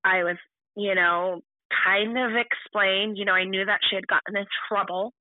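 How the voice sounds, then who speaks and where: Woman guest recounting her own past, halting and restarting often; thin phone-line sound. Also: mid-range voice, steady tone, no room sound. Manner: halting, full of restarts and fillers. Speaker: podcast guest. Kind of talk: personal storytelling.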